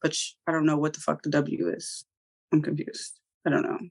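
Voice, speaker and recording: A woman's voice: low-pitched, flat delivery, moderate pace, vocal fry, darkish tone, husky. A woman casually recapping a TV episode, swearing freely and acting out the characters' lines. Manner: slangy, profane storytelling with acted-out quotes. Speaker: TV show reviewer.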